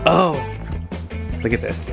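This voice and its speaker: A man's voice: takes it slowly, music in the background. Upbeat chatty man vlogging at home. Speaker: vlogger host. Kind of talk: casual home tour vlog. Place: at home, indoors and out in the yard.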